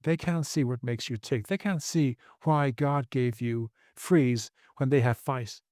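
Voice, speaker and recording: A man's voice: medium pitch, unhurried, a little mellow, dry recording, studio quality. A man speaking as a podcast guest, earnest and preachy, repeating phrases for emphasis. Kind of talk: podcast interview.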